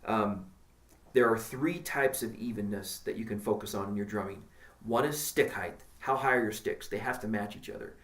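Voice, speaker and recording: A man's voice: lowish voice, moderate pace, fairly bright tone. Man coaching drums in an echoey room. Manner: plain, practical coaching, counts beats aloud. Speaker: drum teacher. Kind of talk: instructional talk with counting along. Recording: echoey room with clear drum and metronome noise.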